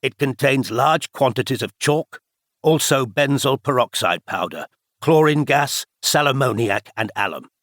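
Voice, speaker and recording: A man's voice: mid-range voice, expressive, unhurried, fairly bright tone, no room sound, clean studio sound, pitched above the performer's own voice. A man reading the part of a severe older male spy chief who lectures emphatically. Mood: lecturing.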